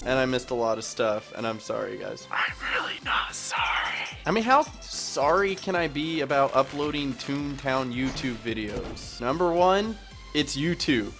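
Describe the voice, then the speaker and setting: A man's voice: medium pitch, fairly bright tone. A young man recording chatty Let's Play commentary as a gaming YouTuber, rambling and self-mocking as he jokes with his viewers.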